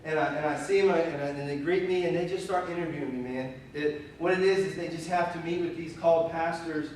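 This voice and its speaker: A young man preaching in a church sanctuary, his slightly high voice bouncing around a very echoey room and heard from well back from the mic. He talks candidly and with animation, spinning personal stories full of fillers and self-deprecating asides. Faint hiss sits under the recording. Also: fairly even intonation, a little fast, a little mellow, far from the mic. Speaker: pastor. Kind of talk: conversational sermon storytelling.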